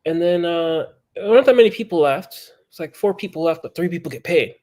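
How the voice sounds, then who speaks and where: A man with a high voice tells a story casually on a podcast, full of swearing and lively outbursts. He jumps between mumbling asides and loud, excited shouts. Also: brisk. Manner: profane, animated storyteller. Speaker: podcast guest.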